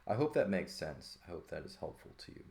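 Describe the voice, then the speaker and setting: Low gravelly man teaching casually. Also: fast talker. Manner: relaxed, thinking aloud with frequent "right?" checks. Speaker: Greek teacher. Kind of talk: casual lesson walkthrough.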